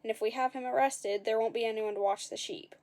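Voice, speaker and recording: A woman's voice: fairly high pitch, steady tone, quick pace, a little mellow, close to an everyday voice. A woman voicing an angry mustachioed village woman in a storybook reading. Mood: stern. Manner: stern, scolding.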